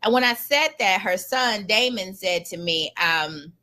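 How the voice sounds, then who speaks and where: A middle-aged woman, a lawyer telling a personal story in an animated, emphatic, colloquial way. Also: medium pitch, a little slow, hardly any pauses.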